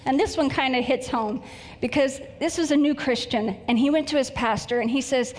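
An earnest woman preacher leads prayer and tells stories, her voice sitting fairly high for a woman. A long hall reverb trails after her words. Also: moderate pace. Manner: earnest, emotional, storytelling.

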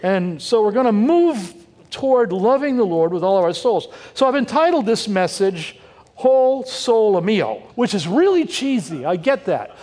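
A man's voice: high-pitched, sing-song, moderate pace, darkish tone, long reverb tail. An older man, a pastor, preaching a sermon in a conversational, punning way and asking the congregation questions.

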